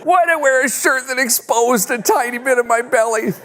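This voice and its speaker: A man's voice: extremely high pitch, normal speed, fairly bright tone, voice pushed up. A man voicing a whiny, overlooked boy who keeps pleading to be thrown the ball.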